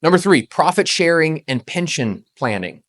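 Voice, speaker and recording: Punchy rapid-fire male presenter. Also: fairly high pitch, sing-song, fairly bright tone. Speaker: speaker on real estate tax strategy. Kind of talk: motivational presentation.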